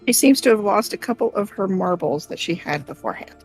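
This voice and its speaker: Wry woman player, mid-pitched. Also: expressive, brisk, faint music behind. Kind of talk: casual tabletop play.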